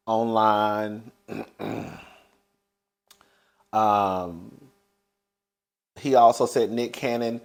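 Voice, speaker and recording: A man's voice: on the low side, darkish tone. A man giving casual, sassy celebrity gossip commentary, laughing often and calling his listeners "girl". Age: older than young adult.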